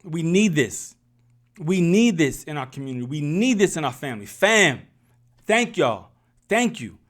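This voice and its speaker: A man's voice: a little high, big pitch swings, unhurried. A man, speaking in an impassioned, preachy vlog style and repeating his phrases for emphasis. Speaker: YouTube commentator. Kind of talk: impassioned motivational vlog talk.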